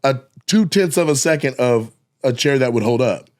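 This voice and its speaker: A man's voice: mid-range voice, animated, moderate pace, a little mellow. A man, a comedian and podcast co-host, telling a profane, laugh-filled story and acting out voices and sound effects.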